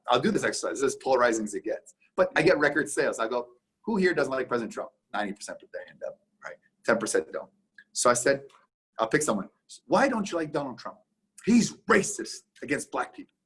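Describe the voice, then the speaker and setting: With a husky, fairly bright mid-range voice, a Canadian man guests on a business podcast in a casual interview. He's emphatic and voices both parties in conversations, trading lines quickly.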